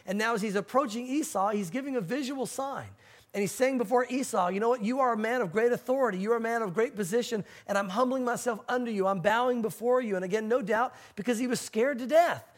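A man preaching a sermon as pastor, animated and acting out the voices of panicked people. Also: extremely high pitch.

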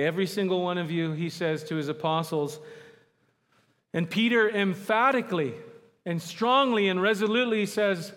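A man preaching a sermon, emphatic, slowing down to stress key words. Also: sits high, a bit bright. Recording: long hall reverb.

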